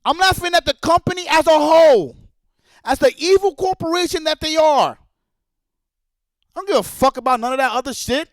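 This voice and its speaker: High-voiced man ranting angrily. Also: animated, normal speed, pauses often, no room sound. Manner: angry, profane, repetitive. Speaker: streamer. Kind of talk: heated rant.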